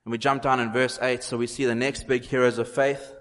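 A man's voice: medium pitch, level tone, a little fast. A man preaching a sermon in an earnest way, repeating phrases for emphasis. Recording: long hall reverb.

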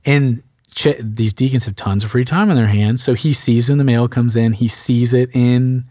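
A young man, a priest, telling a seminary story in casual chat, lively and laughing, acting out the voices he quotes. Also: mid-range voice, normal speed, dry recording, clean studio sound.

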